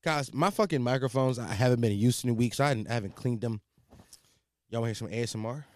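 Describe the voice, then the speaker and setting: A young man hosting his own podcast, talking in a loud, profane and rambling way from home at night. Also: mid-range voice, fast. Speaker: podcast host. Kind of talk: casual solo podcast chat.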